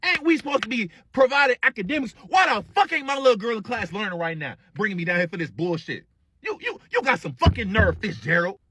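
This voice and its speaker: A man voicing a brash middle-aged aunt, a former cop, who curses and shouts demands. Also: high voice, big pitch swings, quick pace, noisy background, pitched above the performer's own voice. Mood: outraged.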